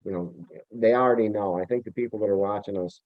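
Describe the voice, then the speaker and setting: A man's voice: lowish voice, fast, no echo. A man from Vermont, a returning guest on an interview show, talking in a rambling way and often searching for his words. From Vermont, USA. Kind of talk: casual interview talk. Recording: tinny phone-like remote line, dry.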